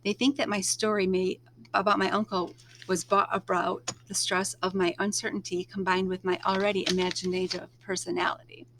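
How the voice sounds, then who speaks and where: A woman reading a novel aloud, narrating in the first person at a measured, expressive pace. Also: medium pitch, background noise. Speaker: read-aloud storyteller.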